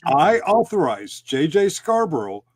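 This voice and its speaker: A man's voice: fairly high pitch, very animated, measured pace, breathy edge. A man on an online panel who goads his opponent with mocking taunts. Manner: mocking and goading, sing-song taunts. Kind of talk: heated online argument.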